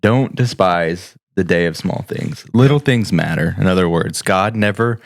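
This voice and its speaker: A low-voiced man in his thirties chats on a faith podcast, sounding earnest and encouraging. The sound is dry and close, with no room in it. He rambles a little and fills gaps with "you know". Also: moderate pace, gravelly, no room sound. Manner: earnest, encouraging, chatty with fillers. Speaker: podcast co-host. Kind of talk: casual faith podcast chat.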